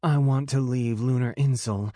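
A man voicing a worried wolf-shifter mother in an audiobook, gentle and earnest. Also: mid-range voice, fairly even intonation, normal speed, no echo, clean studio sound, natural voice.

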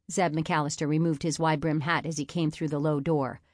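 A woman with a low voice reads a novel aloud in a measured, even manner. Her voice is close and dry, with no room sound at all. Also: no room sound. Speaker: audiobook narrator. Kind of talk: scripted narration.

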